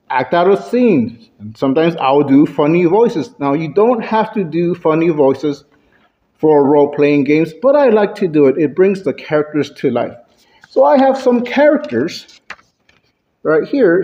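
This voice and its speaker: Slow, expressive man giving a speech. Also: dull audio. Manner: shifts pitch and loudness for effect. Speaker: Toastmasters club speaker. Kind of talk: prepared speech. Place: club meeting room.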